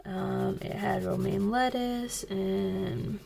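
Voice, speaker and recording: In this coloring video, the woman hosting it wanders through a chatty story in casual talk. Her mid-range voice stays fairly even in intonation, comes slowly, and has vocal fry with a slightly mellow quality.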